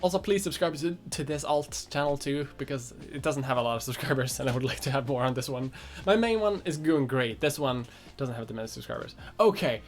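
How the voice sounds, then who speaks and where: A woman's voice: extremely low pitch, animated, a little fast, few pauses, a little mellow, faint music behind. A woman from Sweden with a light Swedish accent, a streamer chatting casually, reading viewers' comments aloud and answering them offhand, with casual swearing. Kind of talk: casual livestream chat.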